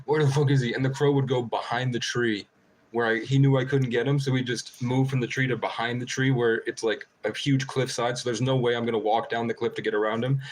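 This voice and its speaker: A man's voice: medium pitch, flat delivery, a little fast, slight background noise. A man rambling through stories on a casual livestream, laughing and swearing as he goes. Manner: profane, laughing, rambling storytelling. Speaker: livestream host.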